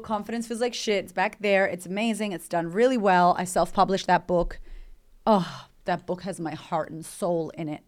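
A woman, hosting a motivational podcast in a candid, emphatic, chatty way with swearing. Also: fairly low pitch. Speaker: podcast host and coach.

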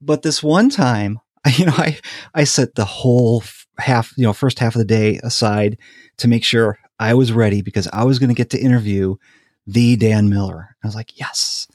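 A man, a podcast host, telling lively stories in casual chat and laughing often. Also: medium pitch, moderate pace, dry recording, clean studio sound. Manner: animated storyteller, laughs often.

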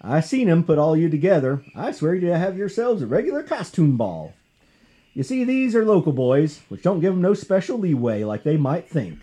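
A man's voice: fairly high pitch, very animated, normal speed, dark tone, voice pushed up. A man putting on a Southern accent to voice a stern, folksy small-town sheriff. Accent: Southern US, put on.

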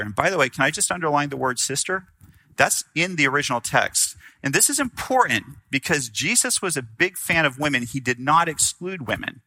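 A man delivering a sermon with a very bright, forceful tone, a little higher-pitched than most men. He preaches conversationally and animatedly, acting out quotes and checking in with his listeners. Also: animated, a little fast, no echo, low-quality recording. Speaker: pastor.

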